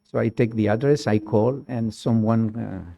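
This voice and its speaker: A man telling a lively personal story in halting, non-native English with small grammar slips, often laughing as he goes. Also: on the low side, gravelly. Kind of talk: personal anecdote in conversation.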